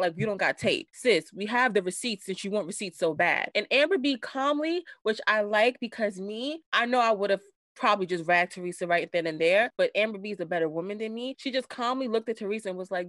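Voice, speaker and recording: Slangy, animated woman podcast co-host. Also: medium pitch, brisk, dry recording. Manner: animated, slangy, does voices when quoting. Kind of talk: casual recap chat.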